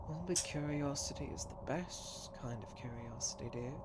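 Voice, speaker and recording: A man's voice: medium pitch, moderate pace, a little mellow, close to an everyday voice. Man voicing a chatty fire elemental tattooist. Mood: breezy. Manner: breezy, chatty, darkly cheerful. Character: male blue fire elemental tattoo artist in a tuxedo. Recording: noisy background.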